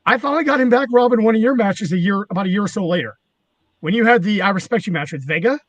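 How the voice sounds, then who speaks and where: A man's voice: high-pitched, expressive, quick pace, a bit bright, no room sound. A man, a former wrestling manager, telling rambling, profane stories in casual chat. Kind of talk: casual storytelling.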